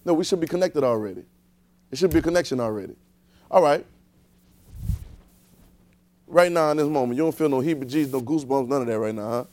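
A man's voice: mid-range voice, fast talker, pauses often, darkish tone, no echo. A man preaching a conversational sermon, repeating himself and throwing rhetorical questions at the congregation.

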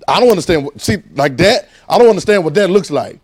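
A man with a Southern US accent preaches a sermon, chatting with the congregation and coaxing them to answer back. His voice sits a little high for a man. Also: lively intonation, fast talker, few pauses, breathy edge. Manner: conversational call-and-response preaching, coaxing the audience.

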